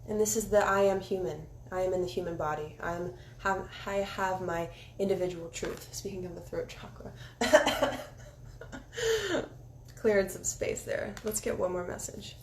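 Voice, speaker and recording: A woman giving a casual spiritual oracle card reading, candid and encouraging, sometimes dropping into soft meditation guidance. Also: on the low side, steady tone, moderate pace, few pauses. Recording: echoey room with faint ambient noise.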